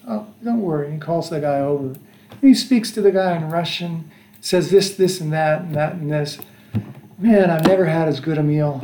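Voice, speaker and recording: He's a father from the United States in his sixties, chatting casually with his family about trips he's taken. His high-pitched voice has a warm tone, and his storytelling wanders, full of fillers and restarts. The room he's in is echoey.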